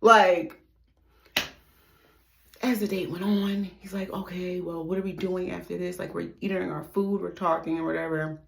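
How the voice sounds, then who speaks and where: A young woman tells a storytime in a casual, profane way. Her voice sits a little low, and she jumps between loud outbursts and quiet muttered asides. The room is echoey. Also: normal speed, vocal fry. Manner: animated, profane, swings between loud exclamations and hushed asides. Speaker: storytime vlogger.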